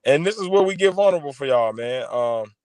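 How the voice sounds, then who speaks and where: A man's voice: a little high, lively intonation, fairly quick, darkish tone, dry recording. Slangy podcast co-host man. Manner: loose, slangy and emphatic. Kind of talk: casual chat.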